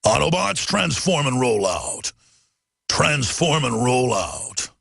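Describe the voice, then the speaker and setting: Man voicing a commanding cartoon robot leader, dropped low, slow and solemn. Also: very animated, creaky, a bit bright, husky, dry recording, studio quality, heavily acted. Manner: slow, booming, solemn delivery.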